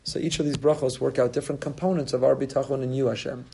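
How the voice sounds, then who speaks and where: A rabbi delivers a sermon with quick, running speech and a warm, mellow voice. He talks earnestly and stacks up repeated phrases and rhetorical questions to drive each point home. His pitch sits in an ordinary middle range for a man. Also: fairly even intonation, creaky, slight background noise.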